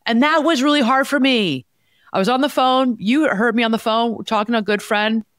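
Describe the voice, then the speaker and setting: A woman's voice: fairly high pitch, normal speed, fairly bright tone, no room sound, studio quality. A woman co-hosting an advice podcast as a life coach, talking in an emphatic, direct way and telling stories with animation.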